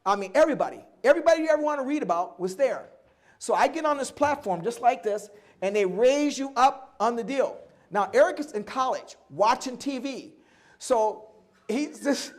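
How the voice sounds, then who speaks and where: A man's voice: very high voice, expressive, moderate pace. An older man giving a live oral history talk, telling stories animatedly, acting out other people's lines and laughing often.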